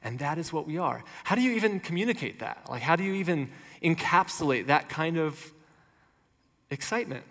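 A man's voice: fairly high pitch, expressive, fairly quick, fairly bright tone. A male pastor giving a sermon in a casual, conversational way. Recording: long hall reverb.

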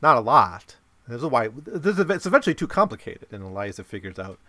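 A man's voice: medium pitch, big pitch swings, brisk, sharp tone, no echo. A man giving a casual explanatory talk about a novel, often checking in with listeners by asking "right?". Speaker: lecturer on a novel.

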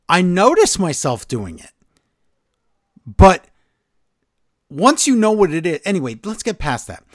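Animated, ranting man podcast host. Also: on the high side, no room sound, clean studio sound. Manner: animated, exasperated ranting with quick asides. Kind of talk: casual wrestling podcast chat.

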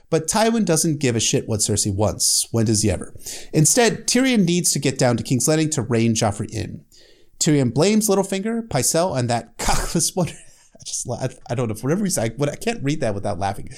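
A man's voice: a little high, big pitch swings, brisk, a little mellow. A man casually recapping a fantasy novel chapter, with sarcastic, profane asides and frequent restarts. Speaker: book recap host.

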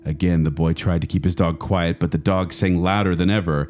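A man's voice: low-pitched, a little fast, hardly any pauses, soft background music. A middle-aged man co-hosting a podcast, telling a spooky story and chatting casually. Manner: dramatic hushed storytelling, then lively chat. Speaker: podcast co-host.

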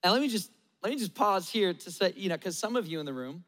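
A man's voice: sits high, expressive, unhurried, big-room sound. A male pastor preaching a sermon in a conversational, emphatic style, with lots of repetition.

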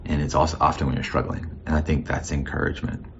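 A pastor with an exceptionally deep, low voice gives a casual, thoughtful sermon, circling back and restarting his phrases as he goes. The recording sounds muffled and lo-fi, with a faint hum of ambience underneath. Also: little pitch movement, fast talker. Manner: conversational and reflective, with frequent restarts.

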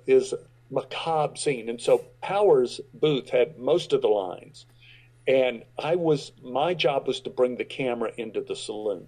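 A middle-aged man, a guest actor, telling a lively anecdote and acting out the quotes of the people in it. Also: medium pitch, low-quality recording. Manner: animated storyteller acting out quotes. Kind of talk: storytelling anecdote.

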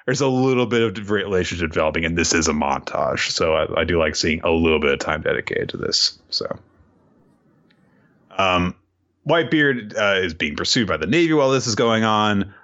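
A man casually recapping a comic chapter, rambling and excitable, paraphrasing the characters with plenty of fillers. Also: low-pitched, moderate pace, muffled recording. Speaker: manga recap commentator.

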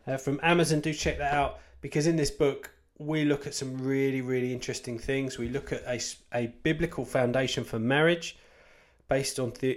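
A man with a mid-range, slightly mellow voice, a Christian author, gives an informal talk on church life. He rambles candidly, dropping self-deprecating asides and repeating points for emphasis.

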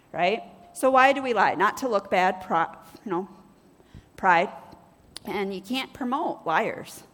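A woman's voice: on the high side, big-room sound. A woman pastor preaching a sermon, telling stories and acting out both sides of conversations. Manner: storytelling, acts out dialogue with lively shifts.

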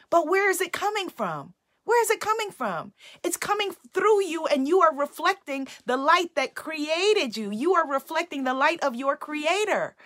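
Woman as spiritual livestream host: bright, affirming, repeats her lines like a sermon. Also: high voice. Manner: affirming, repetitive, sermon-like cadence. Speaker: spiritual coach hosting a livestream. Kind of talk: inspirational live-stream talk. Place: home.

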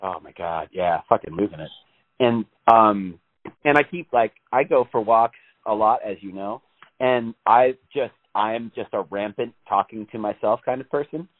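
A man's voice: lowish voice, moderate pace. A man chatting casually as a podcast co-host, rambling, swearing and laughing often. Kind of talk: casual chat. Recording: tinny phone-like line.

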